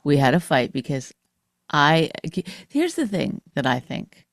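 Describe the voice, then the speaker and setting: A woman's voice: low-pitched, big pitch swings, unhurried, dry recording, studio quality. A middle-aged woman from Canada co-hosting a podcast, bantering and arguing playfully with her husband and often mimicking him. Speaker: podcast co-host. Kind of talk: casual banter with spouse.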